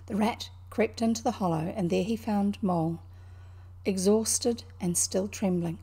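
A woman with a New Zealand accent reading a children's novel aloud, pausing to explain words to young listeners. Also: mid-range voice, mellow, breathy edge. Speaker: storybook reader.

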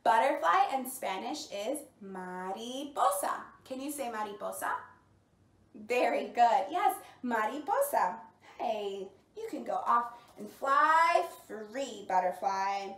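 A woman with a high, bright voice reads and plays with toddlers in a storytime lesson. She speaks slowly and warmly encourages them, exaggerating each word like a preschool teacher. She sounds a little far from the mic, and the room echoes. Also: very animated. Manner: slow, exaggerated, encouraging teacher talk to small children. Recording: roomy sound, mic at a distance.

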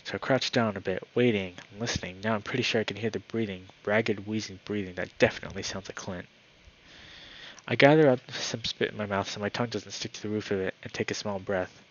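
A man reading a visual novel aloud in first person, with a steady storytelling delivery that slows for tense moments. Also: on the low side. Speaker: channel host. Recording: dull lo-fi with faint hiss.

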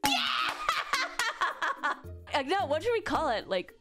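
Excitable, swearing woman streamer. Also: high voice, quick pace, loud music behind the voice. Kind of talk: casual livestream chat.

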